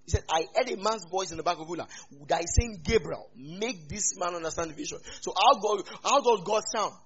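A man's voice: high voice, brisk, dull audio. A man with a Nigerian accent preaching a humorous sermon, slipping into Yoruba asides. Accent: Nigerian, Yoruba-speaking. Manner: humorous, mixing in Yoruba asides, lively swings in loudness. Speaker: pastor.

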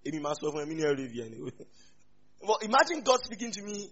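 A man's voice: fairly high pitch, brisk, husky, muffled recording. A man with a Nigerian accent preaching a humorous sermon, slipping into Yoruba asides. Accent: Nigerian, Yoruba-speaking. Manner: humorous, mixing in Yoruba asides, lively swings in loudness. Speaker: pastor.

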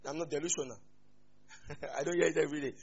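Husky Nigerian pastor preaching. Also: male voice, fairly high pitch, quick pace, muffled recording. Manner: animated preaching with sudden loud rises and laughs. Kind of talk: sermon.

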